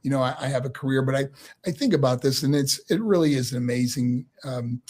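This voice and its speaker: A middle-aged man with a slightly husky voice tells animated stories in a casual interview, laughing often as he goes. He grew up in New York and talks in a relaxed, loose way. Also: medium pitch, quick pace. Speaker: guest, former pro wrestler.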